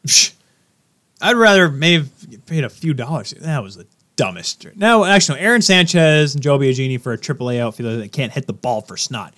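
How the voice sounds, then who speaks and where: A young man co-hosting a casual sports podcast, loud and ranting as he argues and jokes with his friend. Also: mid-range voice, big pitch swings, brisk. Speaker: podcast co-host.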